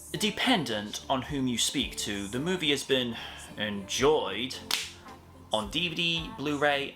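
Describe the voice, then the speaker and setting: A man reads a scripted film review in a measured, wry tone, with a voice sitting mid-range in pitch. Faint music plays quietly beneath him.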